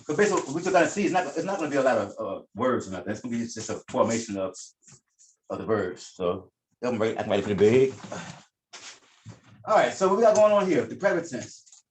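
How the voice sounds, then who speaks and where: A man's voice: medium pitch, animated, fast, reverberant, a little hiss or hum. A man teaching a class at a board, explaining informally and correcting himself as he goes. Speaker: Spanish teacher.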